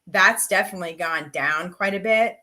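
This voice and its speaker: A woman's voice: fairly low pitch, moderate pace, pushed and bright. A middle-aged woman career coach presenting a live webinar, talking candidly and chattily with lots of "like" and "you know". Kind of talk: casual live webinar talk.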